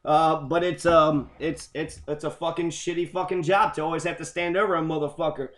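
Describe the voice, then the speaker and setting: A man rambling through a profane, excitable rant about quotes, swearing constantly as he goes. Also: a little high, brisk, reverberant. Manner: heavy swearing, loose and excitable. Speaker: commentator on quotes.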